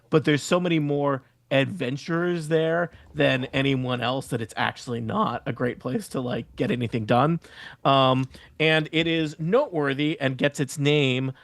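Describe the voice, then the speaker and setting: A man's voice: on the high side, no room sound. Rambling, joking male game master. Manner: rambling, joking, laughs often. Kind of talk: narrating a tabletop game, casual chat.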